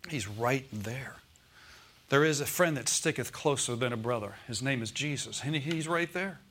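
A man's voice: mid-range voice, normal speed, a bit bright. A male pastor preaching a Sunday sermon in a church, often calling out "Amen?" and "Okay?" to the congregation.

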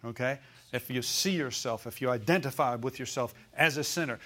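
A man's voice: mid-range voice, fairly quick, a bit bright. A male pastor preaching a sermon in a folksy way, asking the congregation for amens and call-and-response.

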